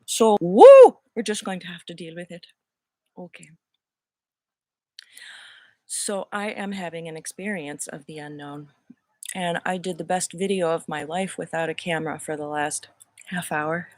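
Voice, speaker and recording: A woman's voice: on the low side, lively intonation, measured pace, long pauses, dark tone, dry recording. A woman in her fifties hosting a casual spiritual livestream talk in a playful, put-on Irish accent, musing and drawing out her phrases into the camera mic. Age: 50s. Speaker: host.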